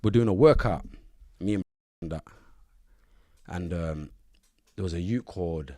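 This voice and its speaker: A man from Nottingham, a podcast guest telling animated stories in heavy street slang and acting out what others said. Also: low-pitched, unhurried. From Nottingham, England. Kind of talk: casual storytelling in an interview.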